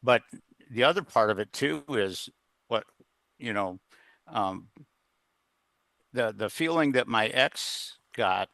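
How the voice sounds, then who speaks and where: Earnest middle-aged man, bright forceful tone. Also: fairly low pitch, dry recording. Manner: rambling, with many fillers and restarts; earnest, plain-spoken. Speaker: guest, executive coach. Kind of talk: conversational storytelling in an interview.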